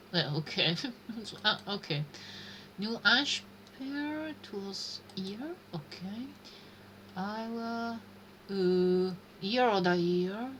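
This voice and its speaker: Slow, bright-voiced woman streamer. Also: mid-range voice, slight background noise. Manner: thinking aloud, hesitant muttering. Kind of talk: live-stream gameplay commentary.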